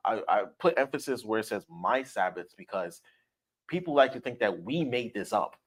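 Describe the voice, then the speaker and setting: A man with a fairly low voice leads a scripture lesson. He talks emphatically, repeating his main points again and again and checking in with his listener after nearly every line. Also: sing-song, moderate pace. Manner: emphatic, repeats points, asks "all right?" often. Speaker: Bible study teacher. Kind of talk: Sabbath Bible study teaching.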